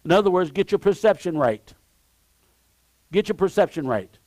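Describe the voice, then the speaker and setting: Guy preaching a sermon, kinda high voice, dry sound, shouts then drops low, says stuff twice. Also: expressive, normal speed, dry recording. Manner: emphatic preaching that swings from shouts to low asides; repeats key phrases, exclamations of praise. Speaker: pastor. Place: church sanctuary.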